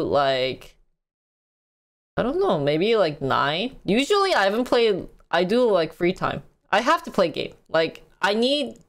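A young woman with a Korean accent talks through her week in a loose, chatty podcast style, full of fillers and quick laughs. Her voice sits a little low for a woman. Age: young adult. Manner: chatty, animated, laughs often, many fillers. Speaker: content creator and streamer. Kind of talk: casual podcast chat.

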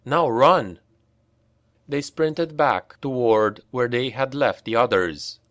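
A male audiobook narrator with a mid-range voice, telling a grim fantasy story at a slow, deliberate pace. The sound is dry and close, with no room around it. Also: mid-range voice, expressive, no echo. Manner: unhurried, grave storytelling that lifts for shouted dialogue.

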